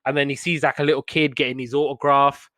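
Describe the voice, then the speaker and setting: A man's voice: medium pitch, level tone, bright, forceful tone, dry recording. A young man casually recapping a sitcom episode as a podcast host, rambling with lots of fillers. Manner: chatty, loose retelling with many fillers and quick laughs. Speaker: podcast host reviewing TV shows.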